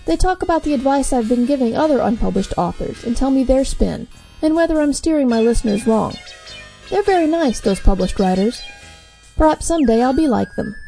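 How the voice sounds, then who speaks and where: A woman's voice: high voice, vocal fry, warm tone. A woman reading a short scripted promo for her own podcast, wry and self-mocking. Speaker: podcast host doing a promo.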